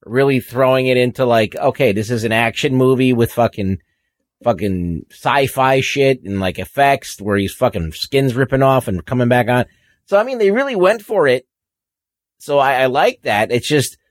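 Accented man, swearing a lot, expressive, dry close sound. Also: mid-range voice, moderate pace, no room sound. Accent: non-native accent. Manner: rambling, profane, expressive. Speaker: regular podcast panelist. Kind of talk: casual chat.

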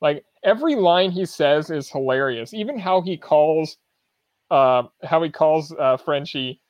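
A man's voice: fairly high pitch, expressive, a little slow, no room sound. A man chatting casually on a movie podcast, leaning on "like" and loose phrasing. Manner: loose and casual, lots of fillers like "like". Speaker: podcast co-host.

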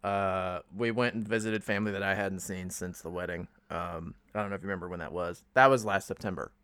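A man's voice: sits low, fairly even intonation, fairly quick, fairly bright tone, smooth, dry recording. A man co-hosting a podcast, chatting casually and telling a long story with lots of ums and uhs. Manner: rambling storytelling with many fillers. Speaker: podcast co-host. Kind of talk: casual chat.

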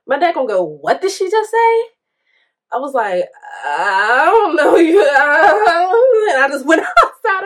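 A young woman hosting a podcast, telling a story in a casual, chatty way, swearing freely and acting out what others said. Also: medium pitch. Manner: chatty, profane, acts out quotes with laughs. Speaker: podcast host.

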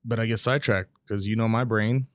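Speaking briskly with fairly even intonation, a man with a lowish voice hosts a casual one-person podcast. The recording is dry, and he's right up on a pop-filtered studio mic, rambling candidly with lots of restarts and offhand cursing.

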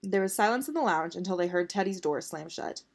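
A woman's voice: fairly low pitch, lively intonation, fairly quick, creaky. A woman reading a story aloud in a casual, unpolished way. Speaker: narrator.

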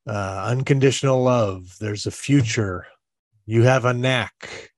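A man's voice: medium pitch, takes it slowly, no echo, studio quality. A male podcast host, effusive and stumbling over his words as he wraps up an interview. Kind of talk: interview wrap-up.

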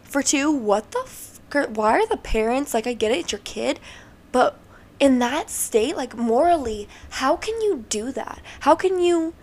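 A woman's voice: sits high, big pitch swings, a little slow, darkish tone. A young woman hosting a podcast, talking casually and emotionally with lots of fillers, sounding tired. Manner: chatty and emotional, many fillers. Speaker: podcast host.

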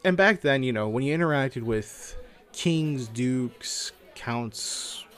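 A man co-hosting a podcast who talks in a relaxed, conversational way. He explains ideas at length with loose, offhand phrasing. He drops a swear word here and there without much emphasis. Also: mid-range voice, takes it slowly. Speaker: podcast co-host. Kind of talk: casual chat about tabletop games.

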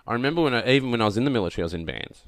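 A man hosts a casual podcast interview. He tells stories with animated energy, full of fillers and restarts. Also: medium pitch, very fast. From Australia. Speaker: podcast host.

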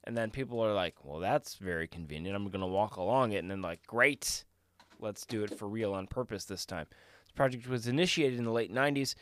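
A man's voice: on the low side, a little fast, fairly bright tone, no room sound. A man co-hosting a casual podcast, reading facts with wry joking asides. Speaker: co-host.

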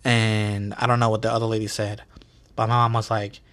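A man's voice: fairly low pitch, level tone, fast, fairly bright tone. Slangy, profane man telling stories. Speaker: podcast host. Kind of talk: casual storytelling.

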